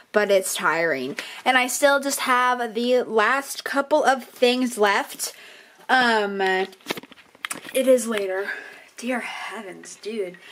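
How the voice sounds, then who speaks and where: An eighteen-year-old woman vlogs in a casual, rambling, self-deprecating way, packed with filler words. Her voice is a little high and a bit bright.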